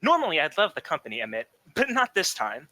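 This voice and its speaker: A man's voice: fairly high pitch, huge pitch swings, quick pace, pushed and bright, dry recording, exaggerated voice. A man voicing a polite, fretful flying hero with a genteel, courteous way of talking. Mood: hurried.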